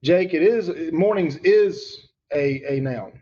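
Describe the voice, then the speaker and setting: A man's voice: a little high, slow pace, warm tone, highs cut off. A man teaching grammar to students online, emphatic and repeating key points, calling on students by name.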